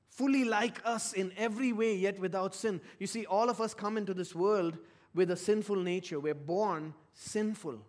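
A man with a high-pitched voice delivers a sermon. He preaches with earnest feeling, building to loud, stressed phrases and then sinking to soft, low ones. His tone speaks directly to the congregation as a pastor. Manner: earnest preaching, swings from loud emphasis to hushed low tones.

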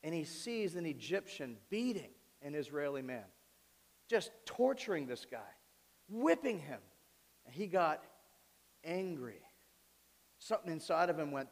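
A man's voice: fairly high pitch, lively intonation, normal speed. Man preaching in a reverberant hall. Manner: dramatic, swings from soft asides to loud pleading. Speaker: pastor. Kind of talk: sermon. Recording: long reverb of a large hall.

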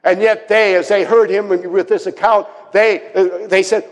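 A male pastor preaching a dramatic sermon, acting out the voices he quotes and dropping to soft asides. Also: sits high, level tone, a little slow, few pauses. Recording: long hall reverb.

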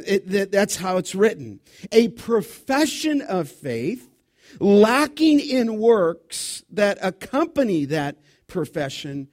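A middle-aged male pastor preaching an expository sermon, emphatic and slowing down to stress key words. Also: sits high, a little mellow.

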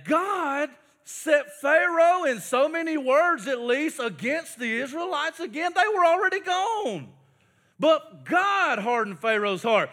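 An animated pastor reads scripture and then retells it, stopping to coach his listeners to act along. His voice is very high for a man and bright in tone. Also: slow pace. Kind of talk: sermon with Bible story acted out with children.

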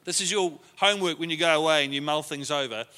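A man's voice: a little high, fast, pushed and bright, big-room sound. A man teaching a leadership class to a group in a conversational way, often acting out the lines he quotes.

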